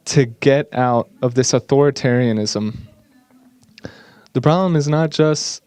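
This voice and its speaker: A man giving an earnest, slightly halting English voice-over interpretation of speakers at a conference. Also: mid-range voice, a little mellow, smooth, no room sound.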